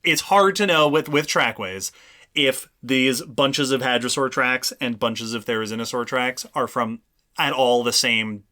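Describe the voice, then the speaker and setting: Bright-voiced man explaining fossils casually. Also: mid-range voice, a little slow. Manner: explanatory, frequent restarts. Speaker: podcast co-host. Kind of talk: casual chat.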